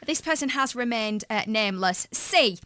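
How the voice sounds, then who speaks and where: A woman co-hosting a radio breakfast show, lively and chatty, reading out listener texts at a studio microphone. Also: fairly high pitch, normal speed, clean tone, no echo. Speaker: radio co-host. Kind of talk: casual radio banter.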